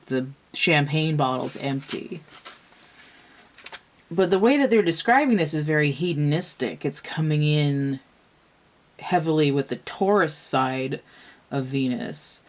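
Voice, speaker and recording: A weary tarot reader works through a card spread at an unhurried, drawn-out pace. The voice sits at a middling pitch and muses aloud, circling back and restarting thoughts as they go. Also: darkish tone. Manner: slow, musing, thinks aloud with restarts. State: tired from pain. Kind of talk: casual tarot card reading.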